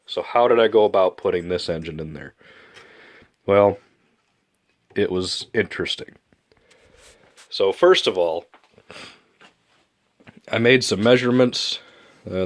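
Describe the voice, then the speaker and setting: A man with a deep, low voice, clogged up and nasal from a stuffy nose. He talks through his hobby build in a loose, rambling way, full of fillers. It sounds like a casual vlog update. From Michigan. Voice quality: nasal, congested. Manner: relaxed, rambling explanation with fillers. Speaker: model airplane builder.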